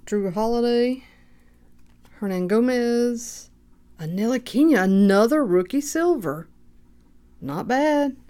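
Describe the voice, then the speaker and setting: A woman hosting a card break, calmly reading out player names and getting excited at good pulls. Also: on the high side. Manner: unhurried, reads names aloud, bursts of excitement. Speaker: card shop host opening packs. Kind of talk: casual card-breaking commentary.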